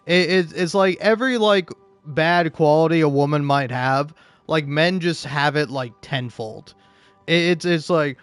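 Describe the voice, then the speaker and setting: A man's voice: fairly high pitch, measured pace, a bit bright, clear, resonant tone, dry recording, faint music behind. A drunk man rambling profanely in casual gaming commentary, full of restarts and fillers. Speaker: gaming YouTuber.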